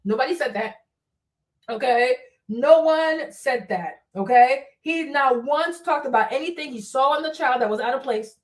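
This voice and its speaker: A woman hosting a livestream, giving blunt, animated commentary full of rhetorical questions. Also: high voice, moderate pace, recorded from a distance. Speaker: livestream host.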